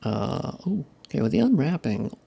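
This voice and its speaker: Gravelly-voiced young man streaming casually. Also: a little high, big pitch swings, moderate pace, dark tone. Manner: profane, self-deprecating muttering to chat. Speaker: modding streamer. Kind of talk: casual live-stream chat while working.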